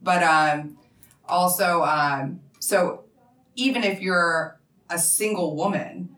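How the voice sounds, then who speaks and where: A woman hosting a casual chat, eager and quick to agree with her guest. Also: on the low side, a bit bright, far from the mic. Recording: roomy echo, voice a bit off-mic.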